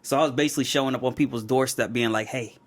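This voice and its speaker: A man's voice: medium pitch, rapid-fire. A young man on a casual podcast, telling long stories with a laugh and acting out the people in them. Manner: animated storyteller who acts out quoted people, laughs often. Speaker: podcast co-host. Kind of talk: casual chat, storytelling.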